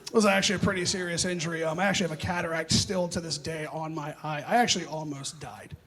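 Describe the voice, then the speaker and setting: High-voiced young male stand-up comic. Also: steady tone, fast talker. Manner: self-deprecating, punchy, loud. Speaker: stand-up comedian. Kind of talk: stand-up set. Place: comedy club stage. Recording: live club audience laughing.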